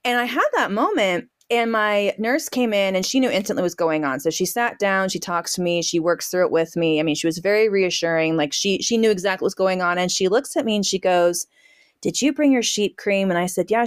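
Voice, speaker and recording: A woman guest on a podcast tells a homestead story with gusto, slipping into voices for her own remarks and sprinkling in laughs and fillers. Her voice sits at an ordinary middle pitch. The sound is close and dry, with no room around it. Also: a little fast, dry recording. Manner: lively storyteller who acts out her own quotes. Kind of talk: casual storytelling interview.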